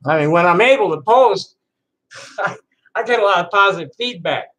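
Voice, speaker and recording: A trans woman in her sixties ranting to camera in a profane, defiant, bitter way, halting and repeating words with laughing asides. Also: mid-range voice, expressive, fairly bright tone, low-quality recording. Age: 60s. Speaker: vlogger. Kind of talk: unscripted rant to camera.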